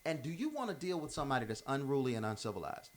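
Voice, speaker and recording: A man's voice: mid-range voice, very animated, rapid-fire. A man giving an unscripted motivational monologue, emphatic and informal, often repeating himself and restarting phrases. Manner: informal, drops verbs. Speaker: commentator giving life advice.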